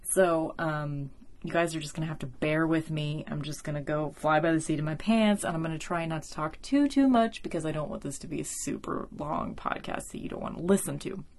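A woman's voice: sits low, fairly quick, a little mellow. A young woman hosting a solo podcast, talking casually and emotionally with many fillers, close to tears. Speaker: podcast host.

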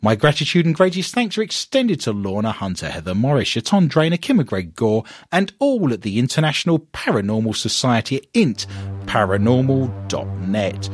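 Lively, animated male radio host. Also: mid-range voice, normal speed, no echo, soft background music. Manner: jokey, breaks into song, animated. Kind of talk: comedic radio chat and show sign-off.

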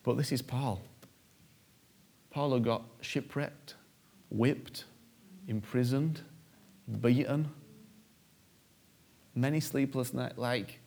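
A man's voice: medium pitch, steady tone, slow, pauses often, a little mellow. A male preacher delivering a sermon, stressing points by repeating phrases and acting out prayers. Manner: emphatic, repeats key phrases and acts out prayers.

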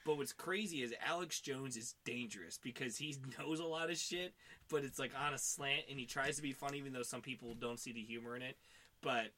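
Bright-voiced guy rambling on a podcast, swears a lot, lots of likes and ums. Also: medium pitch, fairly quick. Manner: rambling, profane, lots of fillers. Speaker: podcast co-host. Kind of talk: casual chat.

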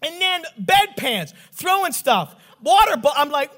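High, bright-voiced animated preacher man. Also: normal speed, few pauses. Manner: animated, joking, acts out voices. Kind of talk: storytelling sermon.

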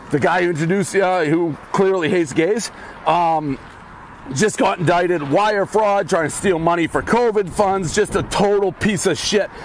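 There's a high voice and slight background noise as a commentator, breathless from walking outdoors on a street, launches into a blunt, swear-filled casual rant. He sounds thoroughly worked up.

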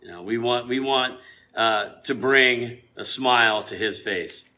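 A man giving an informal sermon, chatty and full of fillers, with loud emphasis when he reads scripture. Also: medium pitch, unhurried. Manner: laughs often and uses many fillers and restarts. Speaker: preacher.

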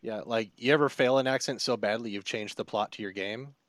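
A man in casual chat, telling a story about his own game mistake in a relaxed, rambling, self-mocking way. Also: lowish voice, a little fast, dry recording. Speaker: tabletop game master, podcast panelist.

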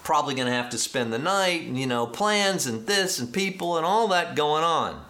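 A man delivers a sermon as a lively story, acting out the people in it and building to excited peaks. His voice sits a bit high and sounds bright and forceful. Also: normal speed. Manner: animated, acts out quoted dialogue, rising to excited emphasis. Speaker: pastor.

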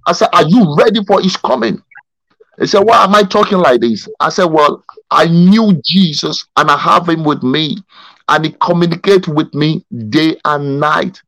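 High-voiced pastor telling a story. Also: male voice, moderate pace, dry recording, rough recording. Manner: animated storyteller who stumbles and repeats words. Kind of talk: Bible study teaching and storytelling. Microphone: video call.

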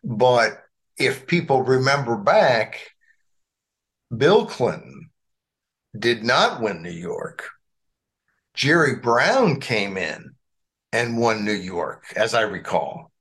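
A podcast co-host with a slight Southern US accent argues his points in a casual political chat, rambling and restarting his phrases. His voice is medium-pitched and a bit bright.

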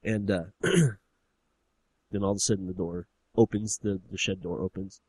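A man's voice: low-pitched, steady tone, unhurried, breathy edge. A man casually brainstorming a story, hesitant and thinking aloud. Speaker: co-writer.

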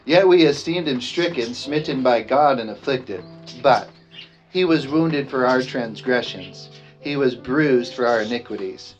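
A man preaching a communion sermon, reading scripture aloud, slowing down on key phrases and leading the congregation in repeating lines. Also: medium pitch. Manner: emphatic, slows down on key phrases. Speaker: pastor. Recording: dull lo-fi sound with music behind. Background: music playing.

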